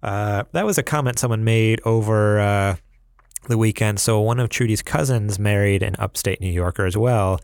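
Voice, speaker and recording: A man's voice: on the low side, normal speed, darkish tone, dry recording, studio quality. A man from upstate New York co-hosting a casual podcast, chatting and reading plugs with frequent laughs. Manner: laughs often, reads plugs with rambling asides. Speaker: podcast co-host.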